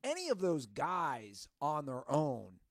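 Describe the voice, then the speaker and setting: A man's voice: on the high side, wildly swooping pitch, slow, no echo, studio quality. A man co-hosting a podcast, chatting casually and emphatically about sports media. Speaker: podcast co-host. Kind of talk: casual chat.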